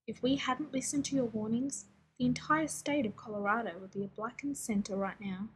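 A woman's voice: fairly high pitch, steady tone, fairly quick, slight background noise, close to an everyday voice, low-quality recording. A woman reading the lines of an older male general who speaks formally. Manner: formal, official.

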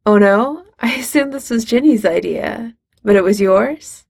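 A woman voicing a nervous, awkward young man who talks quickly and teases self-consciously. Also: a little high, expressive, gravelly, a little mellow, husky, dry recording, studio quality, exaggerated voice.

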